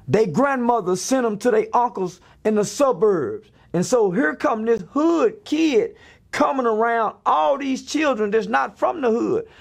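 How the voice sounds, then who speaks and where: A man's voice: very high voice, gravelly. A man giving a blunt, preachy rant in a podcast interview, firing off rhetorical questions. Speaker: interview guest.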